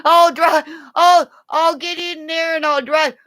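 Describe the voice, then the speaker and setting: Uma mulher com sotaque canadense numa transmissão ao vivo, falando deitada num celular, rindo e xingando, pulando de assunto em assunto. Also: female voice, extremely high pitch, steady tone, measured pace, a bit bright, no echo. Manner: giggly, swearing, jumps between topics and laughs often. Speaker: livestream host. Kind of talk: rambling livestream chat. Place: home, lying down. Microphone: phone held while lying down.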